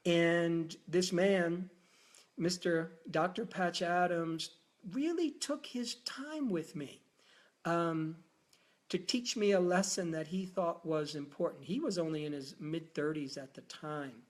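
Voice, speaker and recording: A man hosting a live talk, telling a personal story in a lively way and acting out the dialogue. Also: fairly high pitch, slow. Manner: animated, acts out quoted dialogue. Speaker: host.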